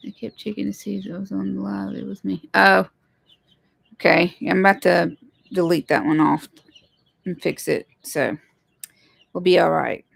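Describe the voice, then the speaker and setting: A woman's voice: lowish voice, fairly even intonation, normal speed, creaky, pauses often, slightly rough. A woman, chatting casually with viewers while hosting a home livestream. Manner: chatty, greets viewers, apologizes for tech trouble. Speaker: livestream host, homesteader.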